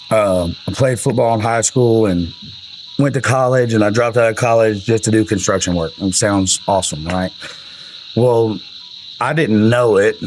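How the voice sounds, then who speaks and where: A man's voice: on the low side, a little hiss or hum, poor audio. A man, telling rambling, profane stories about his music in a casual way. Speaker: country singer telling album stories. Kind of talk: casual storytelling.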